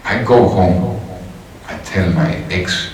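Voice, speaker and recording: A man telling his life story to an audience in a mosque, animated and often laughing as he acts out what others said. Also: low voice, takes it slowly, slight background noise. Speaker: speaker sharing his conversion story. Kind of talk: lively storytelling talk to an audience. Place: mosque hall. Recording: very echoey hall from far off.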